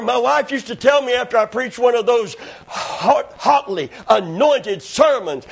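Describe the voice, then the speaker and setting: Fervent gravelly preacher man. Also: extremely high pitch, moderate pace. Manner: fervent, shouting bursts with hallelujahs. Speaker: pastor. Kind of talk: sermon.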